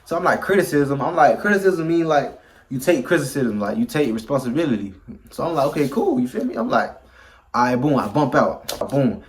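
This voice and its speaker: A young man telling a story in casual slang, animated and acting out the people he quotes. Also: medium pitch, fairly quick, a little hiss or hum. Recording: loud background music.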